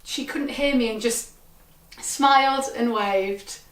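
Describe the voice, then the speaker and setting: A woman comedian with a wry, deadpan delivery, telling a funny personal story. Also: on the high side, takes it slowly. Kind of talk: comic storytelling performance. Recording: echoey, from a distant mic.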